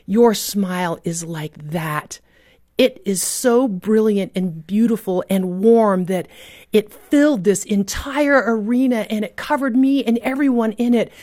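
A woman's voice: mid-range voice, a little slow, dry recording. Heartfelt woman storyteller, dry close sound. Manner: vivid, heartfelt storyteller, drops to a hush at moving moments. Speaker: guest author. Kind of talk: emotional storytelling in a radio interview.

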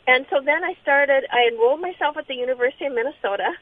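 A middle-aged woman giving a personal testimony as an interview guest, speaking in a halting, earnest way with many restarts. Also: high-pitched, no echo. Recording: tinny phone-line sound.

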